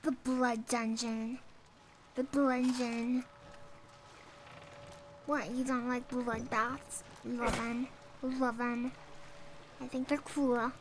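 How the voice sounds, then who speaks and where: High-voiced, playful woman streamer. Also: level tone, extremely slow, long pauses, background noise. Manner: playful, jokey and self-amused. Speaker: game streamer. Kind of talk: casual gameplay commentary.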